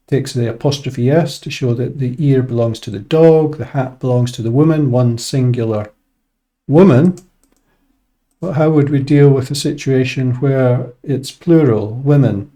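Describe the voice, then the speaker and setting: A man teaching an English grammar lesson in a relaxed, casual way, thinking aloud with frequent "uh" and "um". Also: mid-range voice.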